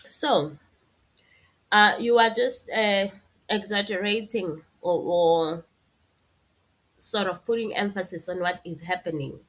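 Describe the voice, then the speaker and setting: A woman's voice: mid-range voice, takes it slowly, pauses often, fairly bright tone. A woman teaching a language lesson, patiently explaining and translating example sentences. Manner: explains patiently, switching between Zulu and English with translations.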